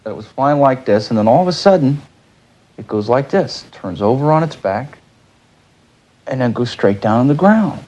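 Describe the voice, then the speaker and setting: A man's voice: mid-range voice, animated, normal speed, warm tone, poor audio. A man being interviewed, recalling events in a rambling way, with many "you know"s. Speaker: interviewee recounting a dream. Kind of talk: casual interview recollection.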